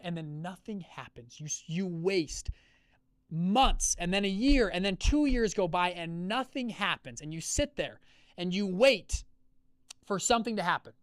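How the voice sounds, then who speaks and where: A man hosting a live call, telling a personal business story in a conversational way, acting out quoted dialogue with lively shifts. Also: sits high, unhurried, no room sound, studio quality. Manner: energetic, acts out quoted dialogue with shifting voices; conversational, many fillers and check-ins. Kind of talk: storytelling talk to an audience.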